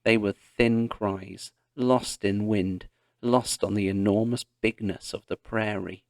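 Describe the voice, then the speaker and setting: A man narrating a children's historical story in a deliberate read-along style. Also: fairly low pitch, fairly even intonation, gravelly, a little mellow, no echo, studio quality. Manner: slow, deliberate reading.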